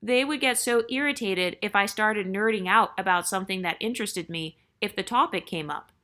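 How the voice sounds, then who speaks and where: Bright-voiced woman reading a story. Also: medium pitch, brisk. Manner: chatty, breaks in with joking asides. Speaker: channel host reading a viewer's story. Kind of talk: reading a submitted story aloud with asides.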